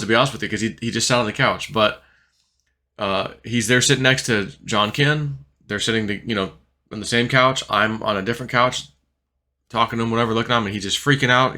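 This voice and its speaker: A man talks through a loose, wandering crypto vlog monologue. His voice is bright and forward, and his pitch sits mid-range for a man. He keeps looping back on himself with easy filler words. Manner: rambling, filler-heavy, restless talk. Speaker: crypto vlogger. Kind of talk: casual storytelling monologue.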